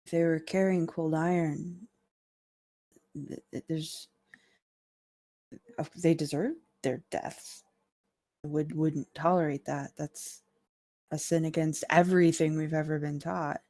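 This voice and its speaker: A woman voicing a wary, superstitious male woodcutter who mutters gravely from behind his cabin door in a tabletop game. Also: low-pitched, steady tone, slow pace, long pauses, warm tone.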